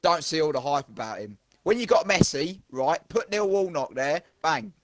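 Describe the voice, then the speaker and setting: A man with a Scouse accent in a casual gaming chat, opinionated, his voice rising loud and animated when he rants. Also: a little high, moderate pace, dry recording. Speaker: podcast co-host. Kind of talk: casual football game chat.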